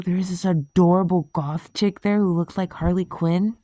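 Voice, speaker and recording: A woman's voice: fairly low pitch, fairly even intonation, takes it slowly, vocal fry, dark tone, no echo. A woman chatting casually in a rambling way, swearing, laughing often and losing her train of thought. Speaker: vlogger.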